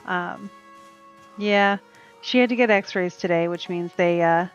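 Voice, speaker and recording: Here a woman with a lowish voice takes her time, casually rambling through a cozy game stream and talking back to its characters. It's relaxed gameplay chatter. The recording is dull lo-fi stream audio with soft game music in the background.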